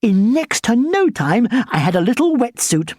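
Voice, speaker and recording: A woman narrating a children's audiobook with expressive, lively storytelling. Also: a little high, moderate pace, dry recording, studio quality.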